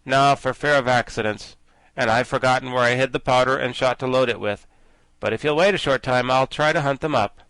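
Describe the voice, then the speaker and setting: A man reading an audiobook, voicing a timid, bumbling soldier who speaks loudly and bluntly. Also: medium pitch, a little fast, clean tone, no echo, lightly acted, rough recording. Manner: loud, blunt and simple. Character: timid bumbling soldier, the whole royal army.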